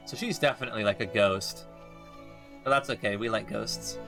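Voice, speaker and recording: A man's voice: lowish voice, moderate pace, vocal fry, music in the background. A young man streaming a game and chatting jokingly with his viewers. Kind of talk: casual gameplay commentary.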